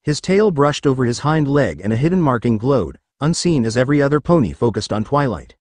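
A man narrating a fan story, his voice swinging lively up and down as he reads. His pitch sits in an ordinary middle range. The recording is dry and close, with no room sound. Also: fairly quick, dry recording. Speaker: story reader.

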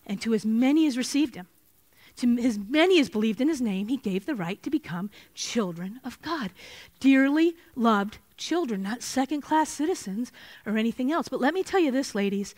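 A woman's voice: a little high, normal speed. A middle-aged woman teaching a women's Bible study, telling stories earnestly and citing Scripture. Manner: earnest, animated storytelling with Scripture citations.

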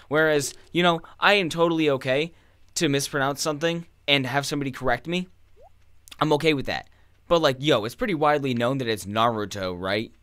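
A man's voice: medium pitch, expressive, fairly quick, fairly bright tone, smooth, no echo. A young man chatting casually while playing a game, rambling and swearing as he rants. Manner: profane, ranting, rambling. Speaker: gaming streamer. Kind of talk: casual gameplay commentary.

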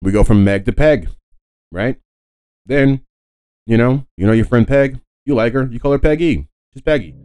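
A man's voice: mid-range voice, normal speed, pauses often, a little mellow, clean tone. A man hosting a solo podcast, talking casually in a rambling way with lots of fillers and self-corrections. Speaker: podcast host.

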